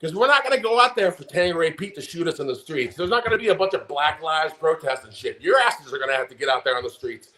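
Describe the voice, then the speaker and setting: Heated American podcast co-host in his forties, swearing, raised voice pitched a bit high. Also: lively intonation, fast talker, hardly any pauses, pushed and bright. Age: 40s. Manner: profane, impassioned, fired up. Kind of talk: heated political rant.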